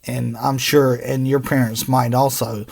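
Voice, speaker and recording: A man teaching a phonics lesson for children, sounding out letters slowly and patiently. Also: medium pitch, flat delivery, vocal fry. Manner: slow, drawn-out sounding out of letters.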